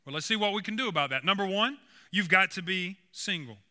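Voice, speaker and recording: A man voicing an old, unflappable female nun who speaks in a gently reassuring way. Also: high-pitched, animated, fairly quick, big-room sound, full character voice.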